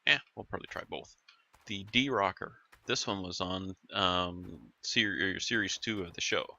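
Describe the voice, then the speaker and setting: A man's voice: low-pitched, a little slow, creaky, bright, forceful tone, dull audio. A man giving casual, rambling commentary while playing a video game, musing aloud with plenty of fillers. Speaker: gaming YouTuber.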